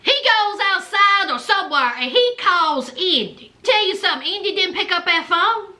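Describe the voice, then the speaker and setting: A woman's voice: very high voice, expressive, moderate pace, pushed and bright. A woman giving a sassy, chatty recap of a reality TV show. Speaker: TV recap host.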